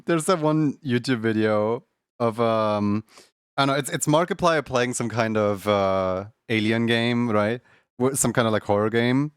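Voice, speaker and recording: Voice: medium pitch, a little slow, smooth, no room sound, clean studio sound. A streamer in casual chat with viewers, rambling and laughing often.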